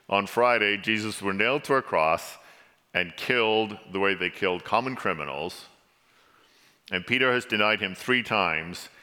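A man born in England preaching a sermon with dramatic storytelling, rising to pleading and sinking to a somber hush. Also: deep voice, unhurried, pauses often, smooth. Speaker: pastor. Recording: long hall reverb.

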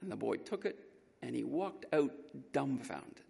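Animated preacher telling a story in an echoing hall. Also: male voice, medium pitch, measured pace, vocal fry, slightly rough. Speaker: pastor. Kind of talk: storytelling sermon. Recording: long reverb in a large hall.

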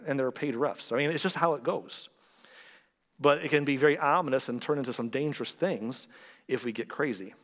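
A man preaching a conversational sermon as pastor, animated and playful, with joking asides and quick impressions of other people. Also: on the high side. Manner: animated, joking asides, acts out quoted voices. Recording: long reverb of a large hall.

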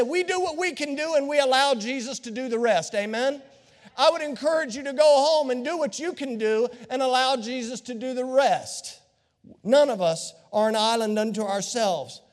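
A man preaching a sermon as pastor, dramatic, acting out the voices of Bible figures and swinging from hushed tones to shouts. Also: very high-pitched. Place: church sanctuary. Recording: long hall reverb.

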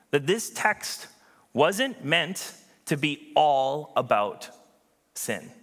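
A man preaching a sermon as pastor, earnest and emphatic, with dramatic pauses. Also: medium pitch, bright, forceful tone, big-room sound.

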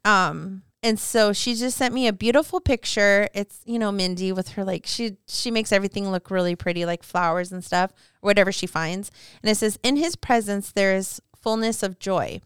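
A woman's voice: medium pitch, steady tone, moderate pace, few pauses, a bit bright, clear, resonant tone, no echo, clean studio sound. A woman guest on a faith podcast, telling a personal story in a casual, emotional, rambling way, full of fillers and restarts.

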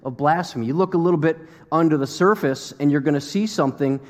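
A man's voice: on the high side, quick pace, in a large hall. An American man preaching a sermon to a congregation, talking conversationally with fillers and acting out quotes. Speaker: pastor.

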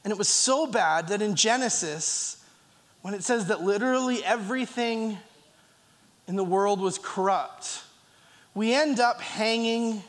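A man preaching a sermon in a church, earnest and reading scripture, with a slight cough. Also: high-pitched. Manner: earnest, with pauses and restarts, reading scripture aloud. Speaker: pastor. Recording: long reverb of a church hall.

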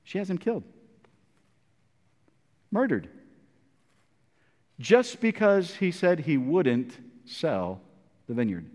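Male preacher, high voice, casual storytelling sermon, church echo. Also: sing-song, normal speed, long pauses. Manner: storytelling, conversational, repeats words.

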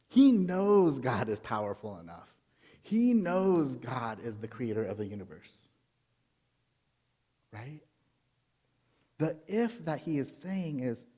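A man reading a Bible passage in a quiet voice, then preaching a sermon and building to emphatic, intense moments. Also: fairly high pitch, very animated, takes it slowly, pauses often. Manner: reads scripture softly, then preaches with rising intensity. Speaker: pastor.

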